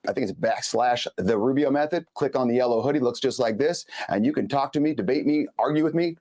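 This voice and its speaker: A man hosting a live show, talking straight to his viewers in a chatty, emphatic way. His pitch sits in the middle for a man. He leans on words for emphasis and keeps an easy, talkative flow. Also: quick pace, a little mellow. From Los Angeles. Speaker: host.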